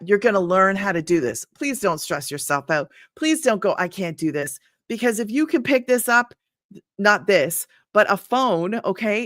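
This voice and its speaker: A woman's voice: medium pitch, no echo, studio quality. A middle-aged woman giving a casual, chatty livestream lesson from home. She laughs often and drifts easily off track. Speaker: online business coach. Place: home room.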